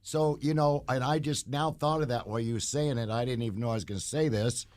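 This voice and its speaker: A man's voice: medium pitch, fast talker, a little mellow. A man talking in a loose, rambling way as a podcast guest. He tells stories from his life and speaks earnestly about his faith. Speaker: guest, bounty hunter. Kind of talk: casual interview talk.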